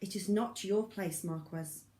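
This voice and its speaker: A woman's voice: mid-range voice, measured pace, mellow, natural voice. Woman reading as a weary male governor, formal, firm, fatherly, audiobook reading.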